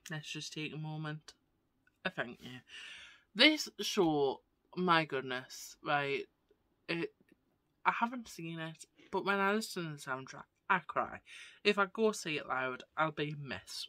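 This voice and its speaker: A woman's voice: low-pitched, sharp tone, no room sound. A woman vlogger chatting casually to camera, gushing and often tagging her sentences with "right?". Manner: gushing, keeps asking "right?".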